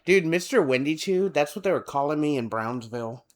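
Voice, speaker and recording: A man's voice: on the high side, animated, brisk. A man from South Texas co-hosting a podcast, joking around in casual chat, swearing freely and bursting into laughter. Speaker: podcast co-host.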